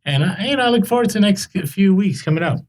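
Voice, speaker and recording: Male podcast co-host, slightly high voice, chatty storyteller who trips over his words. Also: expressive, quick pace, a little hiss or hum. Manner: rambling storyteller, many fillers and restarts. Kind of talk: casual chat.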